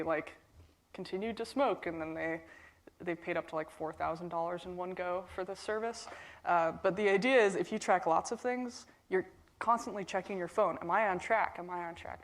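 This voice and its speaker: A woman in her thirties from Portland, Oregon, giving a casual, chatty conference keynote with plenty of fillers. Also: fairly low pitch. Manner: casual and chatty, with frequent fillers and a few laughs. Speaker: keynote speaker. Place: conference hall stage.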